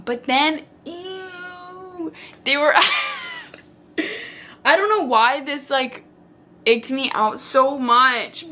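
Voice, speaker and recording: A young woman chatting casually as a book vlogger, animated and dramatic, with lots of filler "like"s. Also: sits high, slight background noise. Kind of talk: casual chat.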